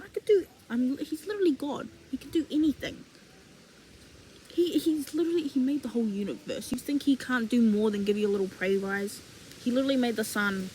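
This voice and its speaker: A young woman giving a casual faith talk as a vlogger, animated and slangy, acting out imagined dialogue. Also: fairly high pitch, a little hiss or hum, low-quality recording.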